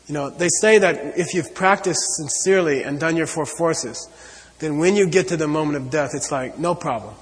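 A man's voice: fairly high pitch, normal speed, few pauses, in a large hall. A man giving an earnest spiritual talk to an audience, repeating his points and often saying "you know.". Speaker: Buddhist teacher.

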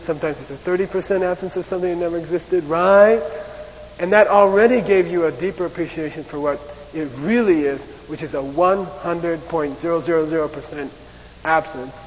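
Male lecturer, fairly high voice, repeats "okay?", long reverb, muffled lo-fi tape with faint hiss. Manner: animated, repeats "okay?" and acts out debate voices. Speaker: teacher. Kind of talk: classroom lecture.

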